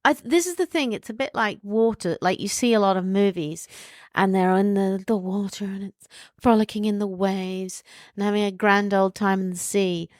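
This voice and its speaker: A middle-aged woman co-hosts a podcast and chats openly. Her tone is frank and sensible, her pitch sits in the middle of the range, and the recording is dry and close. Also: moderate pace, no room sound. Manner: frank, chatty, gives sensible advice. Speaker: podcast co-host. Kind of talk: casual chat.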